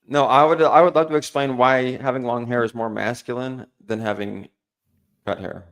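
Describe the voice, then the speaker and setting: Man hosting a stream debate, talks in loose rambling starts and stops, mid-pitched. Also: steady tone, normal speed, a bit bright. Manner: rambling, restarts his sentences constantly. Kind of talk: live-stream debate banter.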